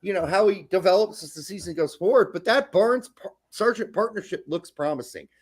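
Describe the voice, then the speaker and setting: A man's voice: high voice, brisk. A man co-hosting a casual soccer podcast, talking in a profane, emphatic way. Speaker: podcast co-host.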